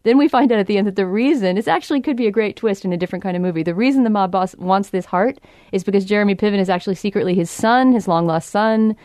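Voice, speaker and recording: A woman critic picks apart a film on a podcast in a rapid, brisk stream of talk. Her voice sits at a medium pitch and sounds close and dry, with no room around it. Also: a little mellow, dry recording. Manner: brisk, dismissive, analytical. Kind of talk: podcast movie review chat.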